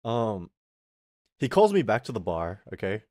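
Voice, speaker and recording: A man's voice: fairly low pitch, unhurried, no room sound, studio quality. Swearing young man telling a story. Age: young adult. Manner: swearing, animated retelling with quoted voices. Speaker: streamer. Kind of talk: casual storytelling rant.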